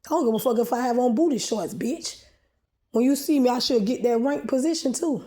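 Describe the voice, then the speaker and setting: A woman's voice: a little high, brisk, warm tone. A woman filming herself in a rambling, agitated, profane rant. She often restarts and repeats words as she presses her complaints. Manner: agitated, profane, confrontational ranting. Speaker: vlogger posting a video. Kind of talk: rambling monologue to camera.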